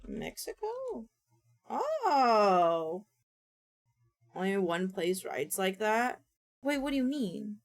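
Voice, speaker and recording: Slow, gravelly woman streamer muttering. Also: medium pitch, sing-song. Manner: mumbles to herself, thinks aloud. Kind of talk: casual streaming chatter. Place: home streaming setup.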